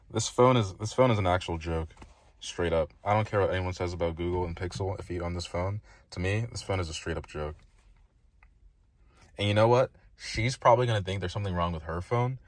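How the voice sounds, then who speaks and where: A man's voice: low-pitched, fairly quick, no echo. A man giving a casual tech review, emphatic and frustrated, speaking bluntly.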